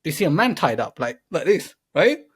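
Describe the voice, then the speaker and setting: A young man on a podcast, telling a rambling comic movie pitch full of swearing and acted-out lines. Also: big pitch swings, fairly quick, slightly rough, no echo. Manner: swearing, laughing, acting out quoted lines. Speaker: podcast co-host. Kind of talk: rambling comedic story pitch.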